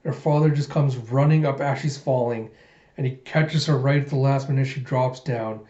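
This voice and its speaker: A man casually reading through a comic aloud, narrating each page in a relaxed way. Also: medium pitch, moderate pace. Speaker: manga reader. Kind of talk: casual manga readthrough. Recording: roomy, muffled home recording.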